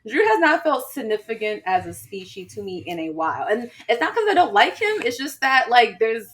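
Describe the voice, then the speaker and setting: A woman's voice: on the high side, a little fast. A woman co-hosting a podcast, chatting casually with lots of fillers and laughter. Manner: animated, laughs a lot, filler-heavy. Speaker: podcast co-host. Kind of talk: casual chat.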